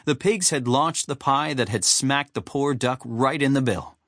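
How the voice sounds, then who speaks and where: Male narrator for a kids' audiobook: animated, husky, dry studio sound. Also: medium pitch, measured pace, dry recording. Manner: animated, storytelling. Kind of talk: scripted narration.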